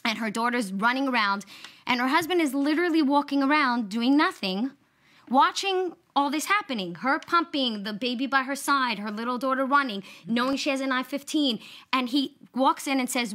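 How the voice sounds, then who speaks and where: A woman's voice: sits high, lively intonation, moderate pace, a bit bright. A woman guest on a talk show retelling a family story, acting out quoted lines with animation.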